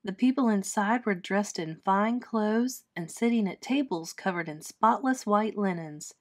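Lady teacher reading a kids book out loud, clear and expressive, average pitch. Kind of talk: children's storybook read-aloud.

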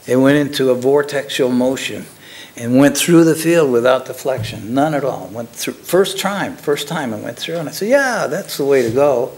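An older man, a former lab technician, telling his story in a casual, halting way with frequent chuckles. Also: mid-range voice, expressive, a little mellow.

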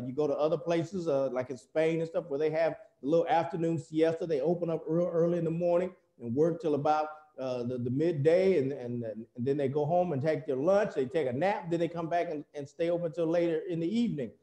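An American man preaching a sermon in a church, telling the story in a folksy, animated way with many fillers. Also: a little high, brisk, hardly any pauses, roomy sound. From United States.

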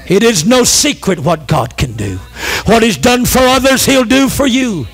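A middle-aged man preaching a sermon as pastor, with call-and-response and passionate phrases that rise into shouts. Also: sits high, big pitch swings, normal speed, slightly rough, faint music behind. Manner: rising to shouts on repeated phrases.

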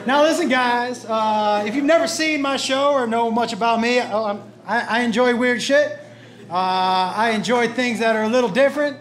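High-voiced man doing stand-up. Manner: animated, acts out his son and others in quick voices. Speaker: stand-up comedian. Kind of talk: stand-up comedy storytelling. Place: comedy club stage. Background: audience laughter.

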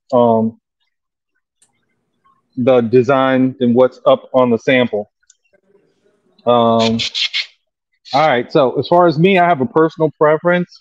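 An unhurried man talks through his airbrush work as he goes, pausing often with ums. His voice sounds dull and muffled. The room gives back almost no echo. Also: mid-range voice. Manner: slow, easygoing, lots of ums. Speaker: airbrush artist. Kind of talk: demonstrating while explaining.

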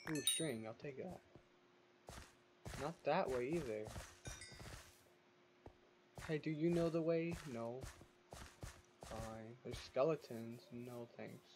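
Slow-talking man chatting over gameplay. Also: medium pitch, noisy background. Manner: chatty, talks to the game's mobs, exclaims and laughs. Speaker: gameplay commentator. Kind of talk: casual gameplay commentary.

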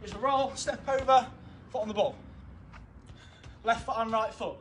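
This young man's voice is extremely high-pitched and fairly bright, at normal speed, with a little hiss or hum. Running home football drills outdoors in his garden, he stays upbeat and encouraging, counting down every set while winded.

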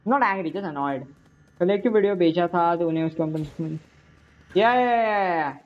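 A young woman, live-streaming games and chatting casually, excitable and swearing at the game. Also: fairly low pitch, racing, lo-fi sound. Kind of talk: casual live-stream chat while gaming.

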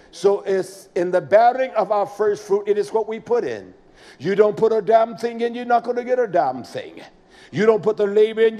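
A man preaching a folksy, emphatic sermon, swinging between loud outbursts and quiet asides. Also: high-pitched.

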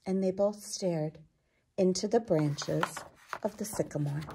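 Woman storyteller, children's read-aloud, husky voice. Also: fairly low pitch. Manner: expressive, unhurried storytelling. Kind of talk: picture book read-aloud.

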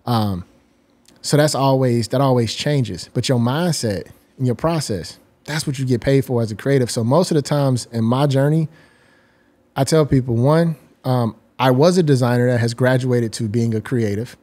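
A man's voice: mid-range voice, moderate pace, darkish tone. Articulate man explaining his ideas. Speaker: guest designer. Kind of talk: reflective interview talk.

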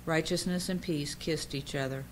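A woman with a very low voice reads psalms in a steady liturgical way. A faint hiss sits under the church recording. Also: moderate pace, rough recording. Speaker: reader.

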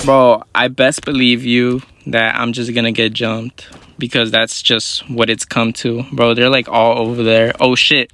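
A man's voice: mid-range voice, sharp tone, slight background noise. Slangy, profane young male gamer. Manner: slangy, profane, quick reactive banter. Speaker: gaming YouTuber. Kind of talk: live gameplay commentary.

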